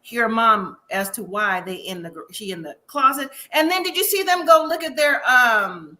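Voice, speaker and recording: Woman co-host, casual live review chat; high, bright, animated and quick to laugh. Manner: animated, laughs often, asks rhetorical questions. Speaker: podcast co-host.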